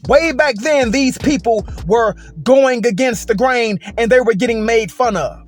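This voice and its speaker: A man's voice: extremely high pitch, a little slow, soft background music. A man hosting a commentary video, speaking emphatically and checking in with "right?". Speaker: host.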